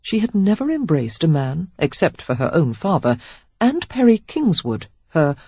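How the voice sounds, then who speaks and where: A woman reads a novel aloud with a lively, expressive pitch and a husky, breathy grain. The sound is dry and close, with a slightly dull, muffled top end. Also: moderate pace, no echo. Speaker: audiobook narrator. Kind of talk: scripted narration of a romance novel.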